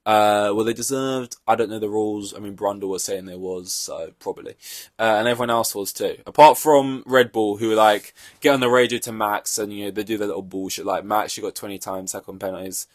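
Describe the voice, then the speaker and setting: A man's voice: fairly low pitch, brisk, no echo, clean studio sound. A young man hosting a solo podcast, reacting to a race in an offhand, rambling way, swearing freely. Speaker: podcast host.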